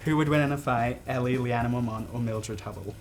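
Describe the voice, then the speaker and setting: A British woman interviewing a guest, reading brisk, upbeat questions. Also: rumbling low, darkish tone, faint music behind.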